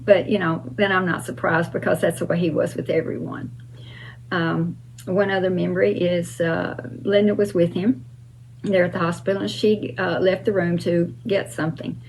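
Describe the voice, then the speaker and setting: A woman's voice: lowish voice, flat delivery, normal speed, a little hiss or hum, rough recording. An older woman hosting her own channel, answering fan questions in an emphatic, casual way with frequent uh and um.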